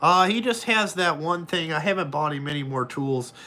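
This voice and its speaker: A bright, forceful male voice, talking a little higher than most men. He chats with viewers as a trucker, blunt and full of swearing. He acts out his phone calls. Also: normal speed, slight background noise. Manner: profane, blunt and animated. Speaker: truck driver vlogger. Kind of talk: casual chat answering viewers.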